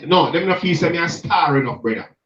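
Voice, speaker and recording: A man with a Jamaican accent and a slightly high, bright voice speaks briskly with lively intonation over slight background noise. He's an emphatic street gospel minister preaching in patois during a passionate reasoning conversation, and the recording is echoey, distant, and muffled.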